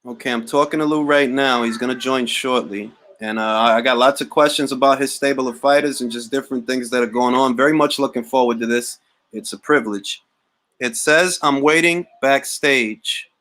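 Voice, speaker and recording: A man's voice: medium pitch, fairly even intonation, fairly quick, fairly bright tone, low-quality recording. A man hosting a boxing talk livestream, joking around in casual slang and repeating catchphrases. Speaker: boxing talk show host.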